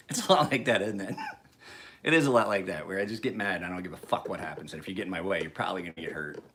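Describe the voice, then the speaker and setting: Man, forties, lowish voice; profane, laughing vlog storyteller. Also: fairly bright tone, slight background noise. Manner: profane, chuckling, rambling storyteller. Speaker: knife sharpener vlogger. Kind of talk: casual rambling monologue.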